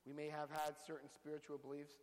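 A man's voice: on the high side, completely flat delivery, quick pace. Man telling his story in a reverberant hall. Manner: storytelling, acts out quotes with big voice jumps. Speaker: recovery group speaker. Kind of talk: animated personal talk to a group.

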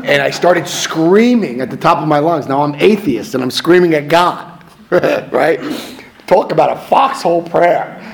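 A middle-aged man giving a personal testimony to a recovery meeting, swinging between hushed and loud and laughing at himself. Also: mid-range voice, creaky, slight background noise. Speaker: recovery speaker.

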